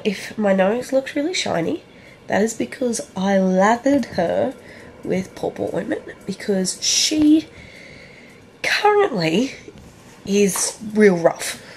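A woman with an Australian accent chats candidly in a casual book vlog while sick with a cold, repeating words for emphasis. Her voice is medium-pitched and a little mellow, recorded in an echoey room with faint background noise.

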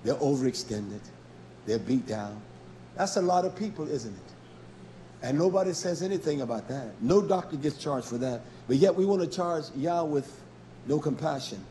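A male preacher giving a sermon, swinging between quiet asides and shouting, with repeated rhetorical questions to the congregation. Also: fairly high pitch, lively intonation, moderate pace, slight background noise.

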